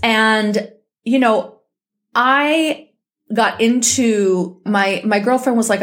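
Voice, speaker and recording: A woman from the United States talks alone into her podcast mic at home, slightly high-pitched, blunt and heated, swearing freely. She is still getting over an illness and may break into a cough. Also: lively intonation, a little slow, a bit bright. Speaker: podcast host. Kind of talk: casual solo podcast monologue.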